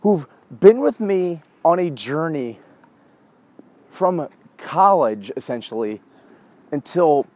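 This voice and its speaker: A man's voice: on the high side, expressive, slow, pauses often, darkish tone. A man in his forties hosting his own show, talking in a rambling, profane casual monologue while walking a dog. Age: 40s. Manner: rambling, profane, wanders off track. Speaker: show host.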